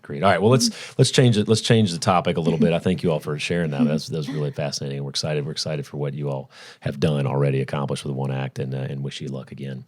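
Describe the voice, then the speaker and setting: A man's voice: extremely low pitch, fairly even intonation, fast, hardly any pauses. A middle-aged man hosting a school podcast, effusive and full of stammering restarts. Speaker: podcast host.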